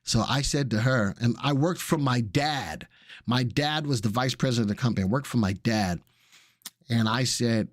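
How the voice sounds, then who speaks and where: A man's voice: mid-range voice, lively intonation, moderate pace, no echo. Middle-aged male host, loose and jokey, chatty live stock talk, dry close sound. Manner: casual, jokey, chatty with viewers. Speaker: stock market show host. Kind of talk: live stock analysis chat.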